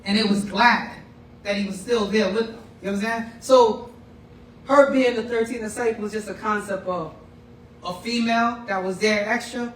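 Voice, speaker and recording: A man with a notably high voice gives an informal lecture and keeps checking in with his listeners. He sits some way back from the mic in a roomy, echoing space. A faint hiss lies underneath. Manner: conversational, often checks in with "right?" and "you know what I'm saying?". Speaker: class teacher. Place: room with a class. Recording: roomy and distant with faint noise.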